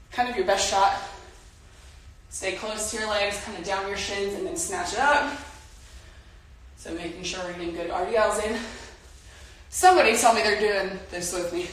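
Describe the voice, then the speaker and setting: A woman's voice: mid-range voice, recorded from a distance. A young woman casually leading a home workout, chatty and coaching as she exercises. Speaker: softball player leading a workout. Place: home room. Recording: echoey room, mic from afar.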